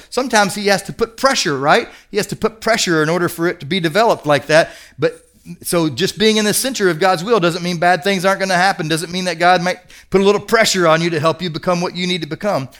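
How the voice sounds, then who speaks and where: A man's voice: a little high, fairly bright tone. A middle-aged man preaching a sermon as pastor, earnest and emphatic, repeating key words for weight.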